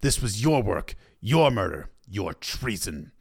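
A man voicing a stern young king who speaks in a measured, commanding way. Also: fairly low pitch.

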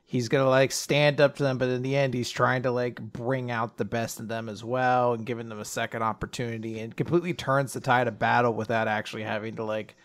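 A man's voice: medium pitch, level tone, brisk, hardly any pauses. A man co-hosting a podcast, chatting enthusiastically and rambling with fillers. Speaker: podcast co-host. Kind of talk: casual chat.

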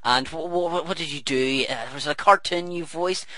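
A man's voice: fairly high pitch, normal speed, pushed and bright, no echo. A man hosting an interview show, eager and a bit stammering, with plenty of fillers. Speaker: podcast host.

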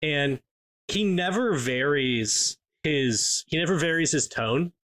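A man's voice: a little high, expressive, takes it slowly, a bit bright. A man co-hosting a podcast in casual chat, rambling with lots of fillers and restarts. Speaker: podcast co-host.

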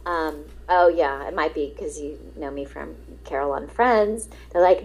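A middle-aged woman, a guest actress, telling lively anecdotes in an interview and acting out the dialogue. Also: low voice, moderate pace, creaky, hardly any pauses, husky, rough recording. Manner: lively, acts out quoted dialogue, laughs often.

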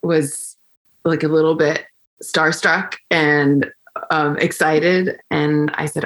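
A young woman flutist telling a story in a chatty, conversational way, full of fillers and restarts, getting animated when she quotes people. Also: sits low, slow pace. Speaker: flutist and interview guest.

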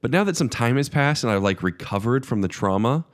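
A man's voice: mid-range voice, expressive, fairly quick. A man co-hosting a casual podcast, teasing the others playfully. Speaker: podcast co-host. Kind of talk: casual chat. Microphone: headphones with studio mic.

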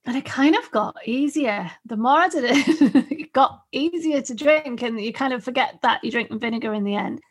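Female podcast co-host, 50s, husky and slightly high, chatty storyteller. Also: normal speed, few pauses. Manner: chatty storyteller, laughs often. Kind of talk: casual podcast chat.

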